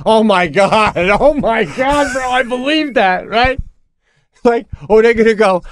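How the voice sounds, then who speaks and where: A man's voice: high-pitched, unhurried, slight background noise. A man co-hosting a comedy podcast, chatting casually and acting out quotes from other people. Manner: animated storyteller who acts out quotes in put-on voices. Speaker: podcast co-host.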